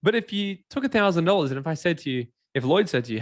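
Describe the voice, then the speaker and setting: A man's voice: fairly high pitch, quick pace, few pauses, dry recording, studio quality. A man giving a motivational seminar talk, acting out characters and asking the audience questions. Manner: animated, acts out characters and quizzes the audience. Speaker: seminar speaker.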